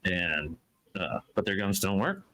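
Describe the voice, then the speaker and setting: A man serves as game master for a tabletop game, narrating the scene in an unhurried, relaxed way. His voice sits low and he speaks slowly, letting each description land. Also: poor audio.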